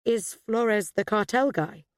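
A woman's voice: fairly high pitch, slow, no room sound, studio quality, voice pushed up. A woman voicing a tough young British woman caught in a shootout, talking bluntly and urgently. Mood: tense.

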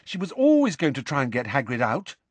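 A man's voice: medium pitch, huge pitch swings, a little fast, no echo, voice pushed up. A man voicing an anxious, earnest teenage schoolgirl witch who speaks shakily, as if near tears. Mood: bitter. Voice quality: shaky, tearful.

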